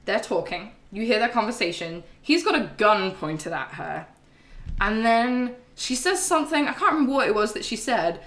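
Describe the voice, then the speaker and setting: A woman's voice: a little high, sing-song, normal speed, fairly bright tone, reverberant. A young woman streaming a game and recapping its story in a casual, chatty, sweary way. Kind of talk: casual chat.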